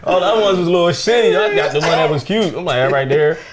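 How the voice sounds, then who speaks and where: A young comedian swaps stories over a meal. His voice sits a bit high for a man, and he talks loosely and profanely. He jumps into other people's voices as he tells each story. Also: animated, very fast, over a noisy crowd. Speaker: comedian guest. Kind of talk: casual storytelling chat.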